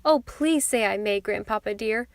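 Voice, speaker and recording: Woman putting on a sweet little girl voice, high and begging, dry sound. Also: sing-song, normal speed, darkish tone, no echo. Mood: eager. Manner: wistful, coaxing.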